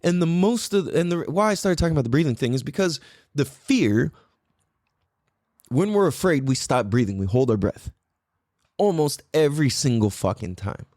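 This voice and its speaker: A man's voice: on the high side, normal speed, no room sound, studio quality. A man hosting a podcast, talking casually in a rambling way and swearing freely. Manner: animated, profane, rambling. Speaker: podcast host.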